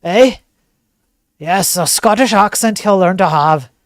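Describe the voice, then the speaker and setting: A man's voice: high-pitched, slow pace, dry recording, clean studio sound. A man hosting a streamed commentary show, talking in a sarcastic, joking way. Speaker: host.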